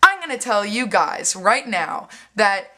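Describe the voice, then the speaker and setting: In this casual storytelling vlog, a young woman with a medium-pitched voice keeps a measured pace. She is animated and sweary, performing quoted lines in other people's voices and saying "like" constantly.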